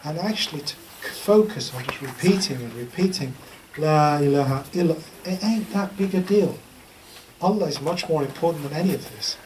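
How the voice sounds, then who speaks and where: A man's voice: a little high, expressive, a little fast, a little mellow. Chatty male teacher, distant mic. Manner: chatty, humorous storytelling with repeated chanting. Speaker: Islamic teacher. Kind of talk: informal teaching talk. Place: lecture room. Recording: distant mic with faint background noise.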